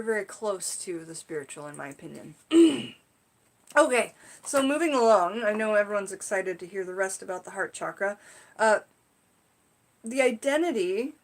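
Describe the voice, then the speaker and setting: Chatty woman teaching on a live stream. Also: mid-range voice. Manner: chatty, rambling, frequent "like" and "you know". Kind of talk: casual livestream teaching and storytelling.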